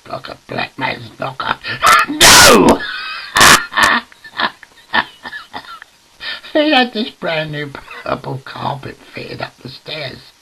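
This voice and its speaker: Older raconteur, bright gravelly voice, rambling and giggly, swears freely. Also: male voice, a little high, huge pitch swings, slow pace, a little hiss or hum, poor audio. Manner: chuckles through his words, swears freely. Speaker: storyteller. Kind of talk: casual anecdote to camera.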